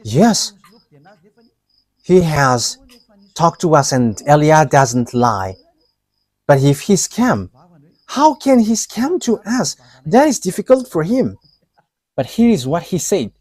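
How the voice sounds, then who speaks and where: Slow, lively-pitched halting male preacher. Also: no room sound. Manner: halting, with frequent pauses and fillers; chuckles between statements. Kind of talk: live sermon.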